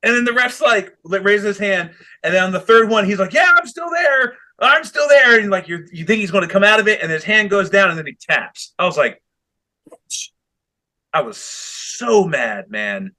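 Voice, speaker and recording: With a high-pitched voice at normal speed, this wrestling podcast co-host breaks down a match in loose conversation. He's lively, curses constantly, and performs the quotes himself.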